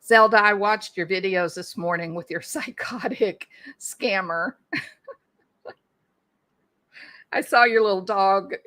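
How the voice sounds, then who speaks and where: A woman's voice: mid-range voice, takes it slowly, long pauses, pushed and bright. A woman hosting a casual livestream, chatting and answering viewer comments, thinking aloud with restarts and small laughs. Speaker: livestream host.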